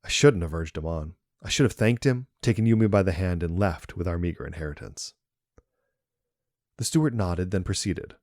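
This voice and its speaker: A man narrating a first-person horror story in a calm, even storytelling manner. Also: low-pitched, moderate pace, dry recording, studio quality.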